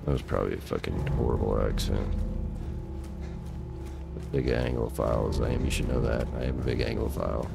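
A man's voice: very deep voice, steady tone, a little fast, vocal fry, long pauses, loud music behind the voice. A middle-aged man giving exasperated, profane live commentary while playing a game, talking to himself at a desk mic. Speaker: gaming channel host.

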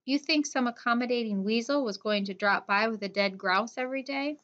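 A woman's voice: fairly high pitch, a little fast, a bit bright, lightly acted. A woman voicing a determined, bossy boy who gives curt orders, on a dull lo-fi recording. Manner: curt, commanding.

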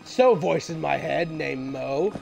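A man's voice: on the high side, expressive, slow pace, creaky, darkish tone, faint music behind. A man giving crude, swaggering gameplay commentary while role-playing a greedy landlord, swearing constantly. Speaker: gaming YouTuber.

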